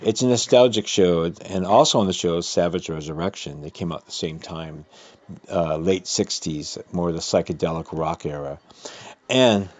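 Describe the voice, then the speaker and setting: A man's voice: deep voice, normal speed, no echo. A man with a cold giving casual, rambling radio announcements about upcoming shows, stopping now and then to correct himself. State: has a cold. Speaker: radio host reading community event announcements.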